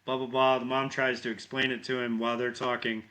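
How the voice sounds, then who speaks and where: A man's voice: medium pitch, fairly quick. A man co-hosting a podcast, recapping a horror movie scene by scene in casual, profane chat and acting out the characters' lines. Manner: animated storyteller, heavy swearing, acts out lines. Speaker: podcast co-host.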